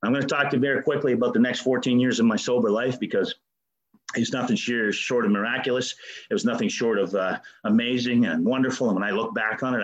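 A man's voice: on the low side, dull audio. Earnest man telling his recovery story. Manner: earnest and emotional, with frequent stammered restarts; swears casually. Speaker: speaker sharing a recovery story. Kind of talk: personal testimony at a recovery meeting.

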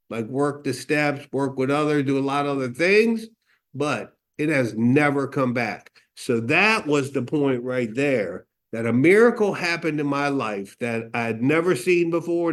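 A middle-aged man giving a candid personal testimony, telling his story with quoted dialogue, fillers and restarts. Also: medium pitch. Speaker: recovery meeting speaker.

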